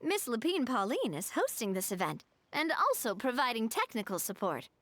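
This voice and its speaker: A woman's voice: fairly high pitch, very animated, moderate pace, fairly bright tone. A woman voicing a gracious young woman leader in a video game, speaking politely and explaining things kindly. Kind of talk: video game cutscene dialogue.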